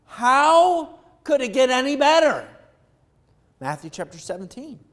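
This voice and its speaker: A male pastor preaching an animated sermon, swinging from quiet reflection to loud excitement. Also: very high voice, a little slow.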